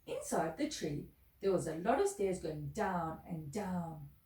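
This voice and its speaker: Storyteller: a woman reading to kids with a lively, sing-song delivery, echoey room, mic at a distance. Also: lowish voice, measured pace.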